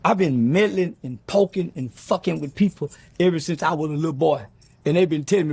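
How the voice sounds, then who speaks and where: The recording is dry, capturing a middle-aged man with a somewhat high, creaky, darkish and slightly rough voice. Seated for an interview, he tells a story in a rapid, blunt, profane way, acting out others' words.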